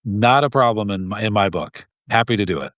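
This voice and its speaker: A man's voice: lowish voice, lively intonation, fairly quick, fairly bright tone, no room sound, studio quality. A man speaking as a guest in an interview, earnest and heated, often restarting his sentences and laughing briefly. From Idaho. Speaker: guest, gun rights group president. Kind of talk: casual interview talk.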